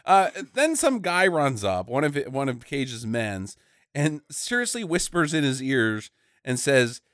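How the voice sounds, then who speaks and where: A man co-hosting a podcast, riffing on a movie in casual chat, animated and profane with laughing asides. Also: mid-range voice, measured pace, no echo, studio quality. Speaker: podcast co-host.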